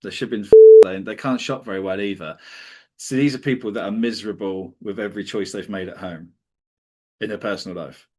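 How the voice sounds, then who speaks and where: A man's voice: fairly low pitch, brisk, warm tone. A man hosting a casual comedy podcast, rambling and often breaking into laughter as he talks. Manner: giggly, rambling, often laughing mid-sentence. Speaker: podcast host.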